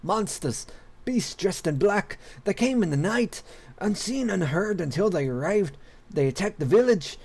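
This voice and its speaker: A man's voice: a little high, expressive, normal speed, hardly any pauses, darkish tone, breathy edge. A man voicing a frightened male villager who urgently reports an attack. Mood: panicked. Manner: breathless, alarmed.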